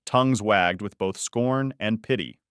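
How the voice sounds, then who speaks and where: A man narrating a scripted story with a steady, dramatic reading. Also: lowish voice, measured pace, clear, resonant tone, no echo, clean studio sound.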